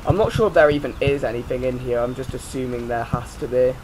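A man's voice: medium pitch, quick pace, noisy background. A man giving let's play commentary, jumpy and prone to swearing, yelping and shrieking when startled. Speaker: gaming YouTuber.

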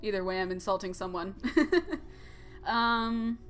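A woman's voice: mid-range voice, lively intonation, slow, fairly bright tone. A young woman hosting a let's play, rambling and joking as she comments on a game. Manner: giggly, joking, rambling asides. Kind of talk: casual gameplay commentary.

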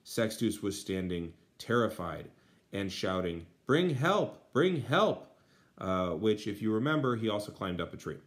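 A man's voice: low-pitched, normal speed. A man Latin teacher translating a textbook aloud, with many fillers and dry asides.

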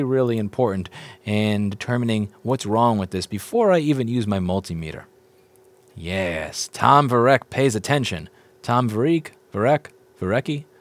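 A man teaching board repair in a casual walkthrough, explaining step by step, repeating points and asking viewers questions as he goes. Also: mid-range voice.

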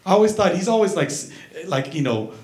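A man's voice: high-pitched, very animated, brisk, a little mellow. A middle-aged man doing a chatty stand-up comedy set, riffing and teasing the crowd on a club stage. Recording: echoey club with audience. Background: crowd laughter.

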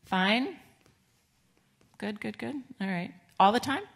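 A middle-aged woman pastor giving a children's sermon in a church, gentle and conversational, asking the children questions. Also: medium pitch, animated, slow pace, creaky. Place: church sanctuary.

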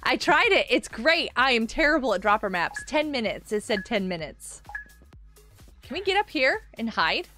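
A woman's voice: on the high side, sing-song, moderate pace, bright, forceful tone, soft background music. A woman streaming a game, chatting casually with her viewers, answering chat aloud and laughing often.

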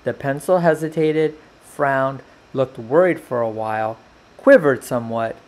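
A man reads a children's picture book aloud at a slow, unhurried pace. His pitch sits in an ordinary middle range, and he brightens into character voices when the animals and objects speak. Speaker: storyteller.

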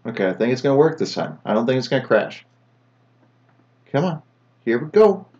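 A man's voice: medium pitch, expressive, fairly quick, a little mellow, lo-fi sound. A man hosting a let's play, joking and talking to the game as he plays. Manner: jokey, talks to the game. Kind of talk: gameplay commentary.

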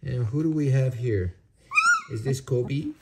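A man with a mid-range, slightly slow voice films his dog's puppies, cooing baby talk at them between bits of casual narration. The recording has loud background noise from puppies and dogs.

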